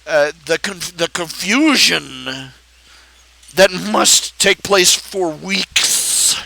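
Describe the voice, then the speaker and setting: A man hosting a live stream, talking in a casual, animated ramble, repeating phrases and laughing at his own jokes. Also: sits high, extremely slow, gravelly, poor audio.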